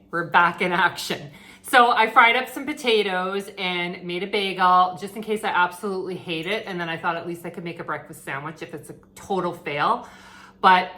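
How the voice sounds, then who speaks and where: A woman's voice: on the low side, pushed and bright. Chatty woman vlogging in an echoey kitchen. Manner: chatty, self-deprecating, thinks aloud. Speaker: vegan cooking vlogger. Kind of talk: casual cooking vlog. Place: home kitchen. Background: frying and sizzling from the pan.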